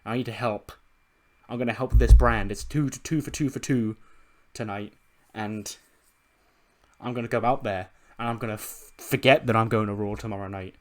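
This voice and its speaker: A man's voice: fairly low pitch, steady tone, moderate pace, a little mellow, lightly acted. A man voicing an earnest, loyal wrestler. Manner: earnest speechmaking. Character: determined loyal male wrestler giving a pep talk.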